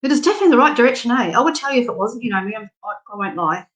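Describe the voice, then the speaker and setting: A woman's voice: a little high, animated, very fast. Chatty Australian woman on a live stream. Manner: chatty, frank and affectionate, laughs often. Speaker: spiritual reader on a live stream. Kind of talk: casual live-stream chat.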